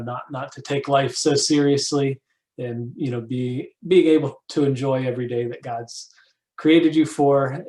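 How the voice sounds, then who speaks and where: Halting male counselor giving a lesson. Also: mid-range voice, a little mellow, rough recording. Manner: halting, frequent restarts and fillers. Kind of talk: recovery program lesson.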